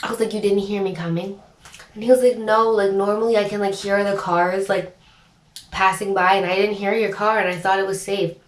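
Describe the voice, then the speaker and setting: A young woman vlogger telling a storytime story in a chatty, animated way, full of filler words. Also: medium pitch, a little fast. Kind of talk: storytime chat. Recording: roomy echo, distant mic.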